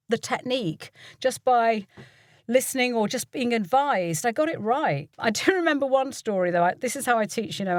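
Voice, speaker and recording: An older British woman, a voiceover artist and coach, tells stories in a casual interview with frequent laughter, impersonating the people she quotes. Her voice is on the high side, recorded dry in clean studio sound.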